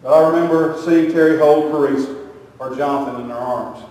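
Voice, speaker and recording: A man's voice: a little high, a little fast, darkish tone. A man preaching a sermon, telling stories with animation and acting out the voices of the people in them. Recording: echoey hall from a distance.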